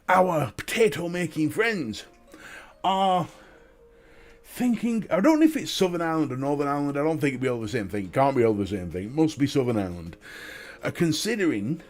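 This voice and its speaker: A man's voice: fairly high pitch, darkish tone. A man with a Northern English accent hosting a casual live stream, chatting and greeting viewers and laughing often. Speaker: live-stream host and vape reviewer.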